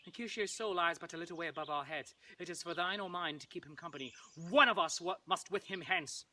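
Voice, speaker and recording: A man's voice: fairly high pitch, quick pace, pushed and bright, voice pushed down. A man playing an earnest young lover.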